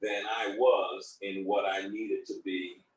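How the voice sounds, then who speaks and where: A man's voice: on the low side, flat delivery, takes it slowly. A man co-hosting a relationship discussion, explaining things in a conversational way with personal stories. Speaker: co-host. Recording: roomy echo from a distant mic.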